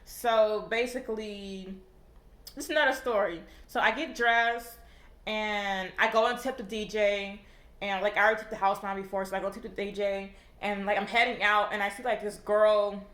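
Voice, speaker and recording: A woman's voice: mid-range voice, steady tone, moderate pace, a bit bright. A young woman casually telling a storytime, rambling with lots of fillers and heavy swearing. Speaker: vlogger. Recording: echoey room.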